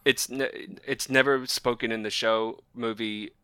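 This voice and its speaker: A man's voice: medium pitch, fairly even intonation, measured pace, sharp tone, clear, resonant tone, no room sound. A man co-hosting a podcast, chatting casually and playfully, teasing his co-host and asking questions. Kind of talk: casual chat.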